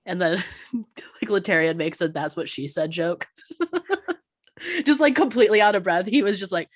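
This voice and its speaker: A woman's voice: medium pitch, animated, measured pace, dry recording, studio quality. A young woman co-hosting a casual TV recap chat, swearing freely and laughing often. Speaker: podcast co-host.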